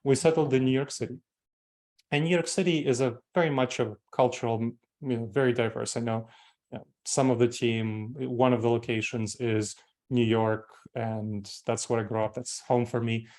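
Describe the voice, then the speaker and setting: This corporate trainer, a Moldovan-accented man in his forties, has a medium-pitched, darkish voice with fairly even intonation and normal speed. He walks staff through material step by step, stressing key terms by repeating them.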